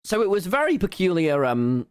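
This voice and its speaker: A young man, telling stories excitedly on a live stream, swearing often and breaking into laughter. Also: high voice, moderate pace, clean tone, no room sound. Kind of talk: casual live-stream storytelling.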